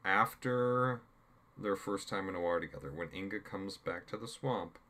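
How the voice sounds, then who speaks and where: Very deep-voiced man chatting casually. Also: sharp tone. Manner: rambling, halting with fillers and restarts. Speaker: podcast co-host. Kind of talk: casual chat reviewing a TV episode.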